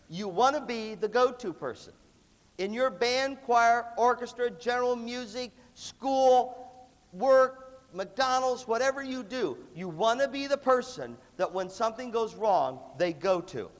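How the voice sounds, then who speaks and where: A man giving an animated motivational leadership talk to music students, emphatic and punchy, with a cough that breaks in now and then. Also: very high voice, measured pace. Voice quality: lively, emphatic delivery with repeated punchy phrases. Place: large hall with an audience. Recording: long reverb of a large hall.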